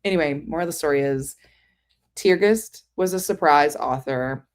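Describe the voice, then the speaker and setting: A woman with a low, deep voice hosts a casual book livestream. She rambles in a loose, chatty way, full of "um" and "like", and answers her viewers as she goes. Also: normal speed. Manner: many fillers like "um" and "like". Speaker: book streamer.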